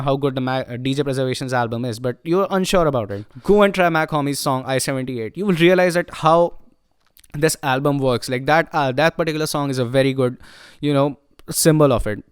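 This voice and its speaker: A man's voice: mid-range voice, smooth, no echo, clean studio sound. A man giving a casual, enthusiastic spoken review of albums, talking loosely with many fillers. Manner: enthusiastic, loose, frequent "you know" and "like" fillers. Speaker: music reviewer.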